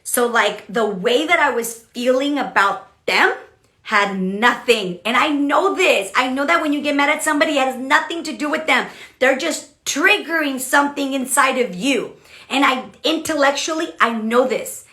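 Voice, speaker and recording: A woman giving a chatty, animated motivational livestream talk as a business coach, with frequent "okay" and "like" fillers. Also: high voice, normal speed, reverberant. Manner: animated, chatty, many okays and likes.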